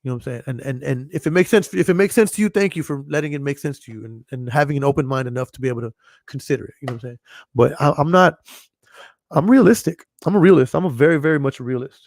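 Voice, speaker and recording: A man's voice: mid-range voice, fast talker, creaky, a little mellow, no echo, studio quality. A man hosting a podcast and talking casually, blunt and profane, rambling with frequent restarts. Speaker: podcast host. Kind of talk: casual chat.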